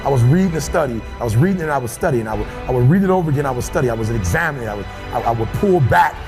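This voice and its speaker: A man giving a fiery motivational speech to a football team. He preaches in repeated phrases and swings from shouting to hushed intensity. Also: mid-range voice, lively intonation, rapid-fire, over music.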